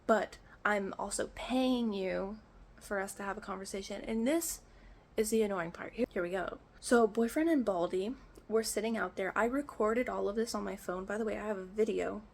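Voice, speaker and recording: A young vlogger rants through a casual storytime video, exasperated, swearing often and leaning on "like" constantly. Her voice is mid-range and gravelly, and the indoor room she's in is echoey.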